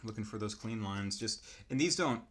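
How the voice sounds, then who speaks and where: A man with a lowish voice talks through his drawing process, unhurried and musing. He thinks aloud between pauses in a casual, easygoing way, like an artist explaining his design choices. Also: a bit bright. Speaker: artist demonstrating character design.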